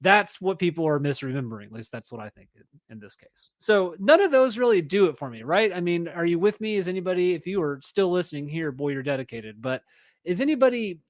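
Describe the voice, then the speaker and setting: A man's voice: high-pitched, sing-song, a little fast, no room sound. A man in his thirties hosting a solo podcast, reading an article aloud with chatty, self-correcting asides. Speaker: podcast host.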